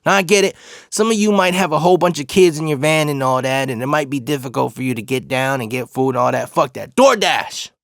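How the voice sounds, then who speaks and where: A man's voice: mid-range voice, brisk, vocal fry, no room sound, studio quality. A man in his forties hosting a podcast, telling stories in a laid-back, rambling way full of profanity. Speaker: podcast host. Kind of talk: casual storytelling monologue.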